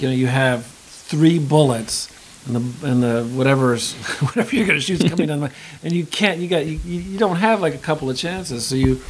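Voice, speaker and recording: In a conversational interview, a middle-aged actor who also teaches acting talks in a thoughtful, rambling way, often starting over. He has a mid-range voice, and the rough recording carries a faint hiss.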